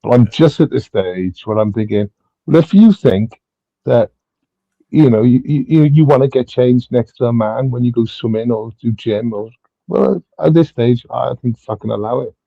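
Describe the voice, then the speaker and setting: A British man arguing hot topics on a livestream panel, stammering and repeating himself before he lands his point, swearing freely. His voice is dark and mellow. The sound is dry and a little dull, like a lo-fi stream mic. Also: mid-range voice, normal speed, creaky, no room sound. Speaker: panel host. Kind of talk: heated casual debate.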